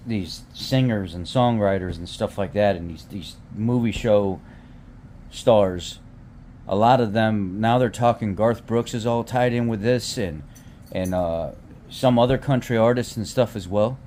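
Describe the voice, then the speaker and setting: A man's voice: fairly low pitch, measured pace, darkish tone, a little hiss or hum. A man in his thirties ranting casually to his viewers, heated and swearing freely, often restarting and repeating words. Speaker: vlogger. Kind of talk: casual rant to camera.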